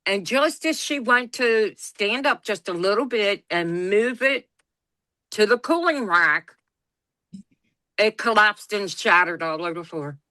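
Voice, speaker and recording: Woman, bright, close and dry sound, blunt, folksy storyteller. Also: mid-range voice, lively intonation, measured pace, no room sound. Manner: folksy, blunt, laughs through her stories. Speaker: podcast co-host. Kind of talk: casual storytelling chat.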